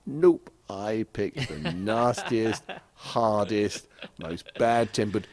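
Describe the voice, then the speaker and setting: A man's voice: on the low side, slow pace, a little mellow, no echo. A middle-aged man from England, telling rambling anecdotes with frequent chuckles as a podcast guest in casual chat. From southeast England.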